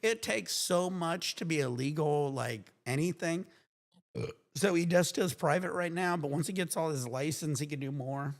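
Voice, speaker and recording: A man's voice: on the high side, normal speed. A man hosting a livestream, chatting casually and cutting in to make his point. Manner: animated, talks over others, insistent. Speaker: livestream host. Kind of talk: casual stoner chat.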